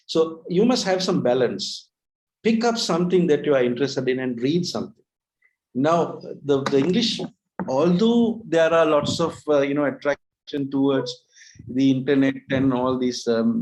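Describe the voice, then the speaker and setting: A man's voice: medium pitch, a little mellow, low-quality recording. A man co-hosting a webinar on learning English, talking casually with frequent restarts and tag questions. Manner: chatty, restarts often, rhetorical tag questions. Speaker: webinar co-host, English trainer. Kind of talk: casual educational talk.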